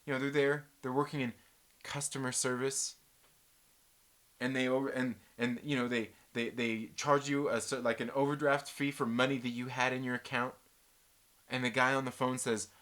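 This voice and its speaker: A man hosting a casual live-stream chat, reading viewer comments aloud and telling rambling, animated stories with restarts and mild cursing. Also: mid-range voice, moderate pace. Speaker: host.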